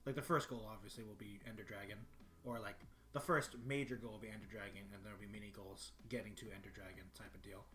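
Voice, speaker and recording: A man with a deep voice chatting casually on a livestream, rambling and often clearing his throat. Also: fairly even intonation, quick pace, a bit bright. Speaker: streamer. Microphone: desktop microphone.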